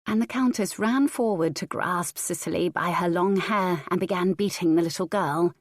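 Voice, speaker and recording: A woman narrating a historical romance audiobook in a measured, even storytelling manner. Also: fairly low pitch, no room sound, clean studio sound. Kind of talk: scripted narration.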